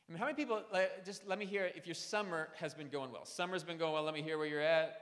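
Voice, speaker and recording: A man's voice: a little high, quick pace, few pauses, a bit bright. A man in his thirties preaching a sermon in a church, conversational and storytelling, with self-deprecating asides. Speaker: pastor. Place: church sanctuary. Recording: long church hall reverb.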